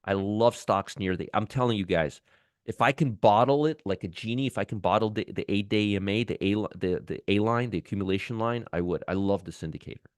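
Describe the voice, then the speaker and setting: Low-voiced man doing casual stock commentary. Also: fairly quick, no room sound, clean studio sound. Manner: enthusiastic, repeats words, restarts often. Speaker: stock trading show host.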